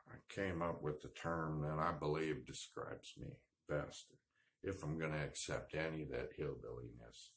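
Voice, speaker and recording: A man's voice: extremely low pitch, a bit bright. A man telling a rambling, self-deprecating story in a casual vlog, with lots of fillers. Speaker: vlogger.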